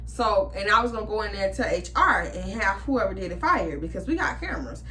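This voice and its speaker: A young woman vlogger telling a storytime to her viewers, animated and blunt, swearing freely and talking straight to them. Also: medium pitch, brisk, slight background noise. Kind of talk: storytime chat to camera.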